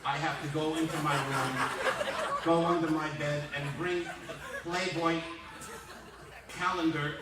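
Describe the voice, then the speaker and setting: A man's voice: a little high, flat delivery, a little slow, pauses often. A man in his sixties giving a roast speech, telling dry, self-mocking anecdotes. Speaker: roast speaker. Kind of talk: roast comedy storytelling. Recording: echoey hall from far off, loud noise.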